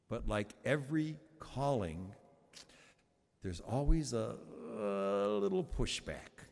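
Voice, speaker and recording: A man's voice: medium pitch, very animated, slow pace, creaky, a little mellow, in a large hall. A Catholic priest in his seventies giving a sermon in a conversational, humorous storytelling manner, with frequent restarts.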